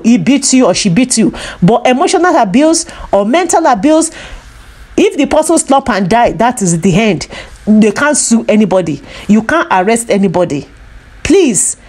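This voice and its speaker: Woman vlogging, high voice, emotional and pleading, says things twice. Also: a little mellow. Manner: repetitive, earnest, pleading; emotional, sorrowful. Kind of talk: emotional commentary vlog.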